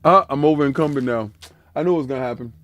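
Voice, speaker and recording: A man's voice: medium pitch, very fast, a bit bright. A man streaming a video game, talking in a casual, slangy, joking way and laughing often. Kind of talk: casual gaming commentary.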